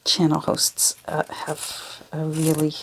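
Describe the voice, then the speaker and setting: A junk journal crafter, a Canadian woman, chats casually while working on a craft project in her home studio, rambling off on tangents. Her voice is low-pitched and monotone, with a slow pace and slight background noise.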